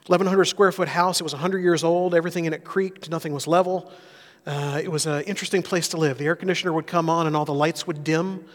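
Earnest preaching man in reverberant hall. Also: a little high. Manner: earnest storytelling, rising and softening for emphasis. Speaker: pastor. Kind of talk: sermon. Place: church sanctuary.

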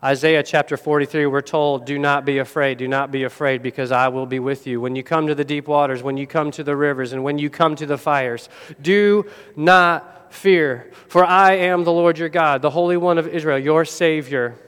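A man preaching a sermon as pastor, telling a story dramatically and swinging from loud to hushed. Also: a little high, fairly even intonation, normal speed, clear, resonant tone. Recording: long hall reverb.

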